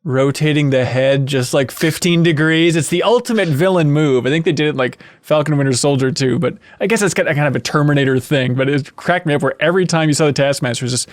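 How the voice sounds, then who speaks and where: A man's voice: on the high side, no room sound. Chatty jokey man on a podcast. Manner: jokey, chatty, quick asides. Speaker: podcast host. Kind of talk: casual podcast chat.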